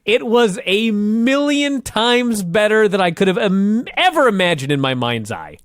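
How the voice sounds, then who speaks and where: Man, podcast co-host, lively up-and-down voice, slightly high pitch, dry studio sound. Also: unhurried, no room sound. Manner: animated, laughing, emphatic. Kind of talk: casual chat recapping old wrestling.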